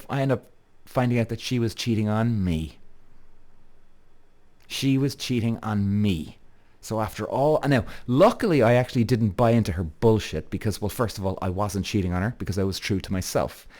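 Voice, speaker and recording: A man's voice: mid-range voice, a little mellow. A man hosting a podcast, telling a rambling personal story in a casual monologue and swearing freely. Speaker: podcast host.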